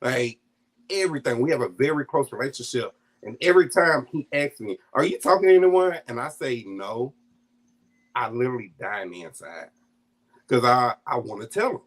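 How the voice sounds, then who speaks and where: A man shares a personal family story in a relaxed, conversational way, with a voice of ordinary pitch for a man. He laughs often between lines and slips into the voices of his family when he quotes them. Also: brisk. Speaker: guest storyteller.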